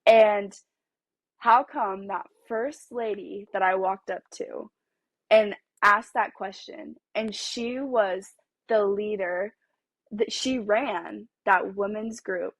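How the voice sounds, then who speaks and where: A young college-aged woman guest, telling a story in an animated way and acting out dialogue. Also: mid-range voice, takes it slowly, dry recording. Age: young adult. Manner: animated, acts out quoted dialogue, laughs often. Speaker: podcast guest. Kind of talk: storytelling in casual chat.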